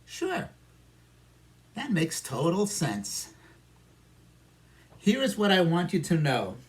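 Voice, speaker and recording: This fairly high-pitched man swings his pitch dramatically as he teaches a mock English listening class in a New York accent. Slow and patient, the ESL teacher addresses students who aren't there, repeating and supplying their replies himself.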